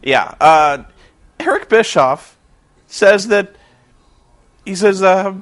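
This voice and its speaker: A man's voice: sits high, expressive, takes it slowly, long pauses. A man rambling in a sarcastic, exasperated vlog commentary on a wrestling show. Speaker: vlogger reviewing a wrestling show.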